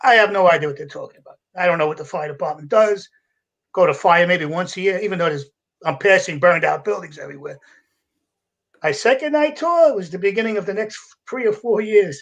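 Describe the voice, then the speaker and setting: An older man, a retired fire captain telling gruff, animated stories as a podcast guest. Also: high-pitched, fairly quick, dull audio. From United States. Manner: animated storyteller with a gruff, salty edge, acting out voices and laughing. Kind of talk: casual storytelling.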